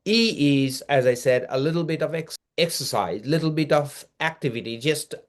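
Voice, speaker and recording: A middle-aged man, a psychiatrist, speaking as an interview guest, slowly teaching coping steps and counting out breathing exercises. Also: on the high side, expressive. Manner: teaching, lists steps, slows to demonstrate breathing. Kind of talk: interview explanation.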